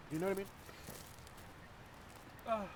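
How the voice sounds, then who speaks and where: A vlogger chats casually to his viewers outdoors at night, rambling and joking into a clip-on lavalier mic. His voice sits high and he speaks slowly, with background noise present.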